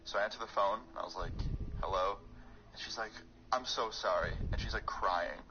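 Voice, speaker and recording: A man's voice: fairly low pitch, fast, highs cut off. Rambling young man telling a story. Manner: rambling, filler-heavy, excitable. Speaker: YouTuber storyteller. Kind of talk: casual storytime vlog.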